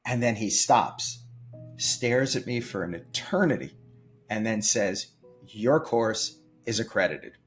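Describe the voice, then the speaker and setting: Animated older man telling his story. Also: fairly low pitch, slow. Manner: emphatic, acts out quoted voices. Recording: faint music behind.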